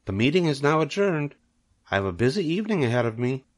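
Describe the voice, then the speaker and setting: A man's voice: a little high, very animated, fast, voice pushed up. A man reading aloud and voicing a wise, kind female spider with a lifted, tender delivery.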